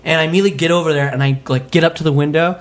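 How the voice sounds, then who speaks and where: Animated man telling a wild story. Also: on the high side, racing. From Utah. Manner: animated, laughing, swears a lot. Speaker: comedy podcast guest telling a story. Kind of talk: casual storytelling.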